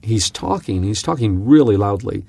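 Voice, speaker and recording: Gravelly, low-voiced male Bible teacher. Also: moderate pace, dry recording. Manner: earnest, animated storyteller with frequent restarts. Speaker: Bible teacher and podcast host. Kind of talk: conversational teaching with storytelling.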